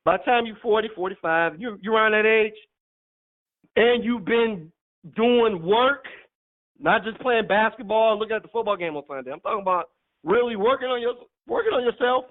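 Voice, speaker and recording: A man's voice: sits high, normal speed. A man preaching a sermon in an emphatic, teasing way, laughing often as he teaches. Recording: tinny phone-like audio.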